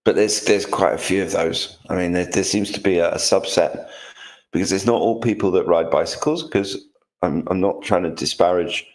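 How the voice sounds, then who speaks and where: A man co-hosts a relaxed talk show, dry, disdainful and a little rambling. His voice is very low for a man. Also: moderate pace, poor audio. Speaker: co-host. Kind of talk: casual chat.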